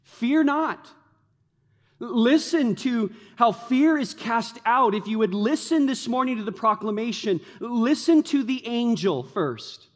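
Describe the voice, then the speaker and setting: A man preaching a sermon as a pastor, telling stories in an animated way and leaning on "like" as a filler. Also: very high-pitched, measured pace, hardly any pauses. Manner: animated storytelling, many fillers like "like". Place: church sanctuary. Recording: long hall reverb.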